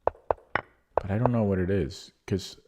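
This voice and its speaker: Speaking slowly in a low voice over a very noisy recording, a man streams and talks through his online chess games. His casual commentary is full of fillers and false starts, and his worn-out voice is giving out.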